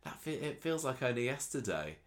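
A man's voice: mid-range voice, very animated, fairly quick. A British man co-hosting a casual podcast chat, rambling and stopping to restart, laughing often. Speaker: podcast co-host.

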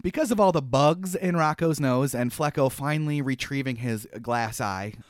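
A man co-hosting a podcast, recapping a cartoon in animated, rambling casual chat with lots of fillers. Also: medium pitch, normal speed, no echo, clean studio sound. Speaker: podcast co-host.

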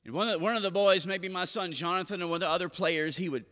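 Middle-aged male pastor, storytelling sermon, lively quoted voices, reverberant church. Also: sits high, fast talker. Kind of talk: seated sermon. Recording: long hall reverb.

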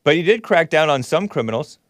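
A man hosting a call-in talk show, ranting sarcastically and reacting with quick laughs and asides. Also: fairly high pitch, no room sound. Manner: animated, sarcastic, swings loud and soft, laughs at his own jabs.

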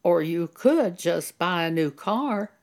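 A woman voicing God's gentle, unpushy suggestion in a mild, unhurried tone. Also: lowish voice, animated. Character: calm, gentle divine voice offering a choice.

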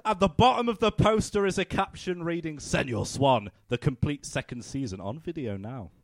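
A man's voice: fairly high pitch, normal speed, dry recording. Man narrating a comedy script read. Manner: reads along, breaks off laughing at the script. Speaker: narrator reading stage directions.

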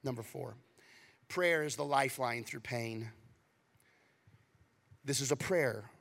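A male pastor preaching a sermon, swinging from loud, animated passages to hushed near-whispers. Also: medium pitch, slow, vocal fry.

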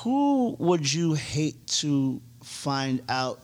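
A man co-hosting a podcast, telling stories in an animated way and swearing freely in casual chat. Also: a little high, very slow. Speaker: podcast co-host.

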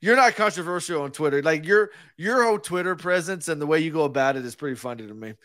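A man's voice: fairly high pitch, expressive, quick pace, fairly bright tone. A man co-hosting a podcast in casual chat, telling rambling stories with frequent laughs and restarts. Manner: rambling storyteller, laughs often, restarts phrases. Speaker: podcast co-host.

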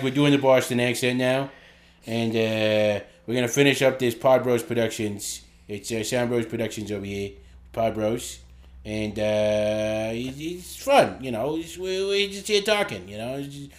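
A man doing a loud boisterous Boston guy. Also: mid-range voice, normal speed, close to an everyday voice.

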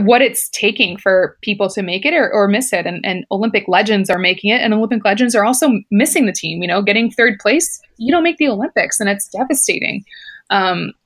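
A woman's voice: medium pitch, lively intonation, fairly quick, fairly bright tone. A woman, a former competitive swimmer, chatting casually as an interview guest and telling a personal story, laughing often and filling her speech with "like" and "you know".

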